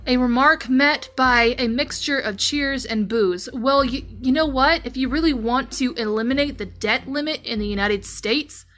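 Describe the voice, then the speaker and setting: A woman with a fairly high, bright, sharp voice hosts a news commentary podcast. She reads the stories aloud and then launches into heated rants full of swearing. Faint music sits low underneath her. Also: moderate pace, few pauses. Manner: profane, heated ranting. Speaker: podcast host.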